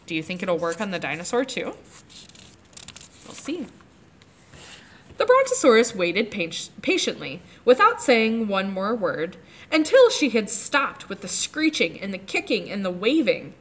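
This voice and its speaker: A woman librarian reading a chapter book aloud to children, pausing to ask them about the pictures. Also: mid-range voice. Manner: animated, asks the kids questions about the pictures. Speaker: librarian leading children's story time.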